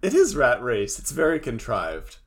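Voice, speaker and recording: A man's voice: medium pitch, huge pitch swings, normal speed, husky. A man from the Pacific Northwest co-hosting a podcast, recapping an episode in wry casual chat and quoting lines. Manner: wry, laughs often, quotes lines. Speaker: podcast co-host.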